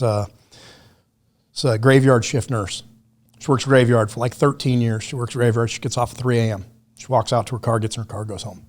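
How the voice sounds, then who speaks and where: A man's voice: mid-range voice, a little mellow. A man as a podcast guest, telling stories in a blunt, laid-back way with plenty of swearing. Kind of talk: casual storytelling chat.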